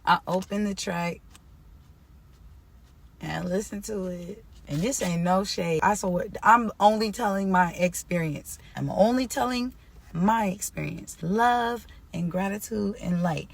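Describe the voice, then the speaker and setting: A woman telling a storytime vlog about her music career, swinging from loud exclamations to quiet near-tearful murmuring. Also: mid-range voice, measured pace, gravelly. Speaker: singer-songwriter.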